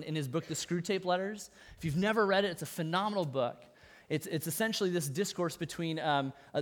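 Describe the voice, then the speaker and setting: A man with a fairly high voice delivers a sermon like he is talking with the room. He leans on key words with emphasis and drops in wry asides along the way. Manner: conversational, emphatic preaching with asides and humor. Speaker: pastor.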